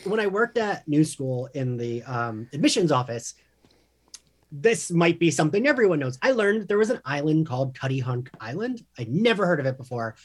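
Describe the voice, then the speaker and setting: Man, 30s, podcast co-host, rambling storyteller, lively, slightly high voice. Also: moderate pace. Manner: rambling, laughing, chatty. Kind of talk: casual chat, storytelling.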